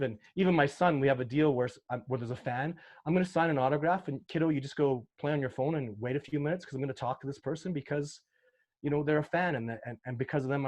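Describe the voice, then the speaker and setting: In a casual interview, this man from Canada discusses his work as a sasquatch researcher in a medium-pitched, darkish voice. His storytelling is earnest and emotional, with frequent restarts.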